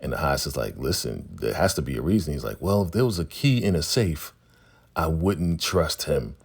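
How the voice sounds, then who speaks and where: A man with a very low, gravelly voice talks through an episode recap in a loose, casual way. His tone is husky rather than clean, and he jumps into the characters' dialogue as he goes. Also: animated. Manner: retells scenes with quick quoted dialogue and laughs. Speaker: recap host.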